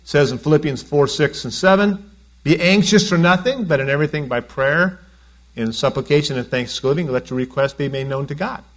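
Man preaching, higher voice. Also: fairly quick. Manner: conversational preaching, asks the congregation questions. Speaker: pastor. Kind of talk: sermon.

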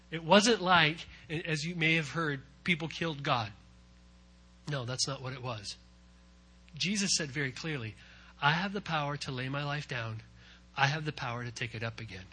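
Male preacher, bright and fairly high, conversational sermon with big dynamic swings. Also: lively intonation, brisk. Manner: dynamic, swings from hushed to loud emphatic; repetitive, conversational asides. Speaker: pastor.

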